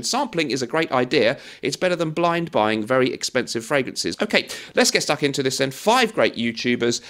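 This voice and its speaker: This fortysomething man reviews fragrances on YouTube in a loose, chatty way, often making self-deprecating jokes as he wanders off topic. His pitch is medium and his tone fairly bright.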